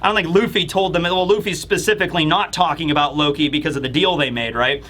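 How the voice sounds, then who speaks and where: A man's voice: fairly high pitch, steady tone, quick pace, sharp tone. A man reviewing a comic chapter in a rambling, chatty way. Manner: rambling, chatty, lots of fillers and laughs. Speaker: manga reviewer. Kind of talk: casual commentary.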